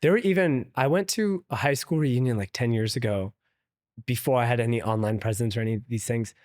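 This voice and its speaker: Male interview guest, casual anecdote teller, filler-heavy and loose, mid-pitched, dry close recording. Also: a little fast, a little mellow, no room sound. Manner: loose and chatty, heavy use of "like", laughs often. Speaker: interview guest, venture investor. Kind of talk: casual storytelling in conversation.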